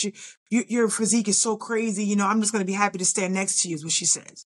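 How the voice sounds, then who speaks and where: A middle-aged woman, a bodybuilder guest on a podcast, telling her story in a casual, animated way and acting out her own reactions. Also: mid-range voice, quick pace.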